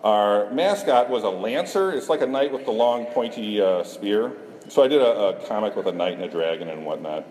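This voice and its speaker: A man's voice: lowish voice, expressive, normal speed, darkish tone. A middle-aged man from Iowa, a cartoonist giving a self-deprecating conference talk, joking with the audience. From Iowa, USA. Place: conference hall. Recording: echoey hall, faint room noise.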